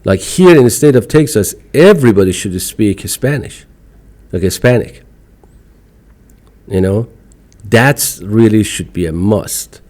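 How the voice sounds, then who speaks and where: A man with an Iranian accent speaks as a podcast guest, his English broken but emphatic and outspoken. His voice sits somewhat low, with a dark, mellow tone. He talks in a casual conversational way. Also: lively intonation, unhurried. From Iran. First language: Farsi.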